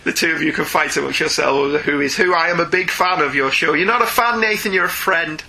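A man from Ireland co-hosts a casual podcast and reads listener emails aloud, often breaking into laughter. His voice is very bright and forward, sitting a little high for a man. A sore throat roughens it. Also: a little fast, low-quality recording. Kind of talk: casual chat.

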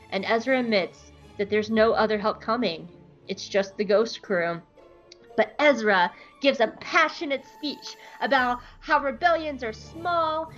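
A woman's voice: fairly high pitch, a bit bright. Blunt, sarcastic woman podcast host. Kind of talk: casual chat and episode recap. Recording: dull lo-fi podcast audio.

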